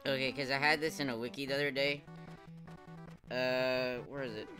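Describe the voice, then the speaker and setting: A young man commenting live on his gameplay, swearing a lot, laughing often and yelling at the game when he fails. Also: mid-range voice, normal speed. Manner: profane, excitable, laughs often, shouts at the game. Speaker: streamer playing a retro game. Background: game music.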